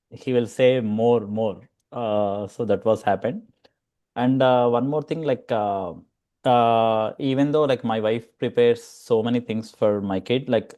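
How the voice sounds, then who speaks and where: A man's voice: medium pitch, warm tone. Hesitant Indian-accented father on a call. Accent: Indian English. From Hyderabad, India. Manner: hesitant, many fillers. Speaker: parent asking a question. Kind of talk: casual question on a call. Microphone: video call.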